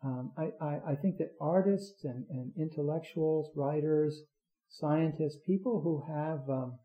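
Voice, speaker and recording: A man giving a rambling Zen talk, halting often with fillers and restarts. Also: on the high side. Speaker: Zen teacher. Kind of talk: dharma talk. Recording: roomy, dull lo-fi recording.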